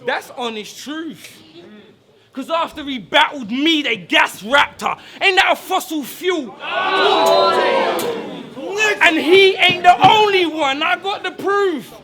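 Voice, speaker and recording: A man performing taunting rap verses at a live battle, shouting his punchlines at an opponent. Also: very high-pitched, expressive, slow, pauses often, crowd noise. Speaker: battle rapper.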